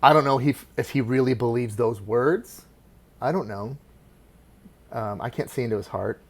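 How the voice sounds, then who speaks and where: A middle-aged man hosting a solo sports podcast, talking with passion and rambling through many restarts, dropping to quiet asides and then rising into loud, excited bursts. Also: medium pitch, moderate pace. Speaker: podcast host.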